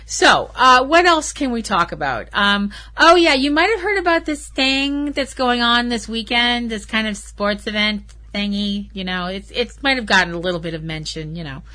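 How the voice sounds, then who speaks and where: A woman's voice: a little high, lively intonation, moderate pace, hardly any pauses, bright, forceful tone. A woman hosting her own podcast, talking in a rambling, chatty way with sarcastic asides. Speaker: podcast host. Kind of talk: casual solo podcast chat.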